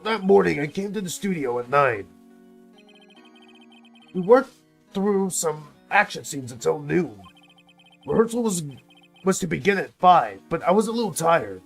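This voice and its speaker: A man's voice: high-pitched, gravelly, voice pushed up, heavily acted. A man with a sore throat voicing an earnest, tired male action-show star explaining himself.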